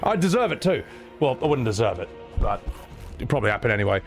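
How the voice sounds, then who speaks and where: A man chatting casually on a live stream, excitable and swearing, laughing often and reading viewers' messages aloud. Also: medium pitch, fast talker, soft background music.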